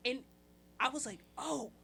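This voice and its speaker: A young woman spins a funny story as a podcast guest, chatty and full of laughs, jumping into little voices for everyone in it. Her voice sits a touch high and rings bright and clear, with a soft hiss faintly behind her. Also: normal speed. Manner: animated, acts out quotes with shifting voices. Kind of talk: casual storytelling.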